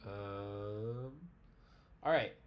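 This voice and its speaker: Male instructor, measured pace, casual teaching tone with light laughs. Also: fairly low pitch, fairly even intonation, lo-fi sound. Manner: thinking aloud, frequent "right?" checks and soft laughs. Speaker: language teacher. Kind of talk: online language class discussion.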